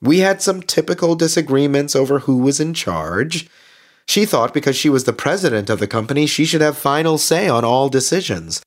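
An actor playing a cheerfully devout male radio host who delivers grim news in a bright, chatty way. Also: medium pitch, expressive, normal speed, close to an everyday voice. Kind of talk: scripted radio drama narration. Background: faint guitar music.

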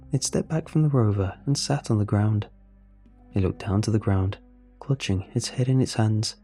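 A man narrating a first-person story in a measured, even storytelling voice. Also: on the low side, slightly rough.

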